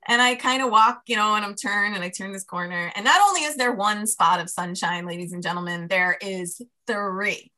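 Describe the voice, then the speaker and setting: A woman's voice: mid-range voice, moderate pace, hardly any pauses, sharp tone. A woman working as a life coach, telling a personal story in a podcast conversation and acting out her inner dialogue with laughs.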